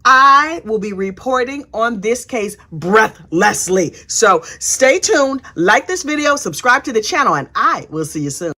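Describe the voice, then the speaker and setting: A woman's voice: a little high, very animated, unhurried, hardly any pauses, sharp tone. A woman giving a sassy, comic recap of a courtroom day and acting out the people in it. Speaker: true crime commentator.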